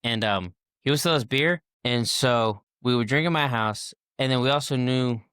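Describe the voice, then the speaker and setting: A man's voice: medium pitch, moderate pace, a bit bright, smooth, dry recording, studio quality. A man in his twenties, a podcast guest, telling a casual story and acting out the people in it with many fillers and restarts.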